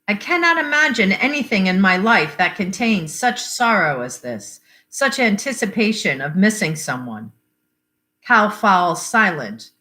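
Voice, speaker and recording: A woman reading a literary short story aloud in a measured, expressive way. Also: fairly low pitch. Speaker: library reader.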